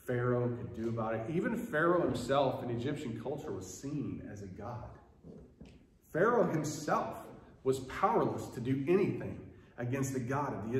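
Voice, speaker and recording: A man's voice: medium pitch, slight background noise. A man preaching a sermon as pastor, telling stories with animation and acting out quoted voices. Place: church sanctuary. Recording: echoey church room, faint ambience.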